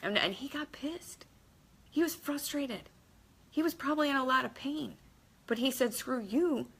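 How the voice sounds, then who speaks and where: A woman speaks to her viewers in a casual, motivational vlog, with a fairly high, bright and forceful voice. She talks emphatically and bluntly, with the odd mild swear, and acts out quoted people in shifting voices. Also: lively intonation, normal speed, creaky, husky. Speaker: motivational vlogger. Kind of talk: casual motivational talk to camera.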